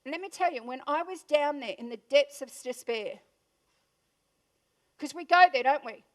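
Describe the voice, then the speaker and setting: A high-pitched Australian woman speaks to a live audience in an event room. Her delivery is punchy, and she keeps asking the crowd questions. She sounds like a motivational speaker on stage. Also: lively intonation, moderate pace. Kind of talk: motivational keynote talk.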